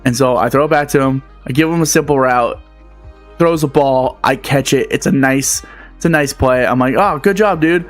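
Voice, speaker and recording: A man in his twenties telling a story as a rant, animated and profane, with lots of filler words. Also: medium pitch, moderate pace, soft background music. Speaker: vlogger.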